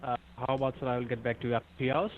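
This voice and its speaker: A man's voice: medium pitch, flat delivery, racing. Man on a tinny phone line. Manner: deferential, keeps saying sir. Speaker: phone scammer on the call. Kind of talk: phone conversation.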